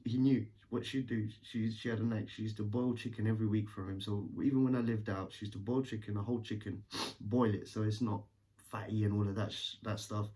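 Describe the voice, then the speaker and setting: A man's voice: lowish voice, warm tone, far from the mic. A man tells a personal story in a candid, rambling way and swears casually.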